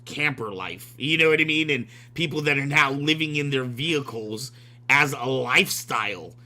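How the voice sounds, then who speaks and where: Bright-voiced chatty man. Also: medium pitch, normal speed. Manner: chatty, laughs often, chewing ice. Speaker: podcast host. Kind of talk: casual livestream chat.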